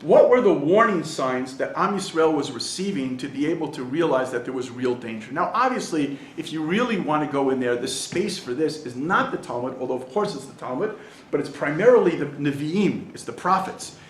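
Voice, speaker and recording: A man's voice: a little high, fairly quick, reverberant, a little hiss or hum. A man, a rabbi, teaching a Torah class to a group and telling jokes and stories along the way. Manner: animated storyteller, tells jokes and acts out voices. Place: study hall in Jerusalem.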